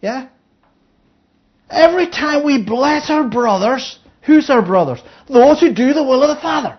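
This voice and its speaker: A woman with a high, animated voice preaches conversationally at an unhurried pace, reading scripture aloud before explaining it. She frequently checks in with her audience by asking "Yeah?" The sound is lo-fi.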